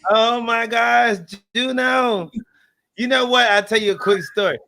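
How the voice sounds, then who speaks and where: A man from Texas hosting a casual live interview over a video call, chatty and quick to laugh as he tells stories. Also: very high voice, fairly even intonation, sharp tone. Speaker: host.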